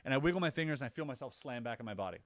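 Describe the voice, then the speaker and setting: A man on a podcast, casually recounting his own experiences as an animated storyteller whose voice jumps higher when he relives the scary parts. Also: very fast, no room sound, clean studio sound. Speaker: podcast co-host.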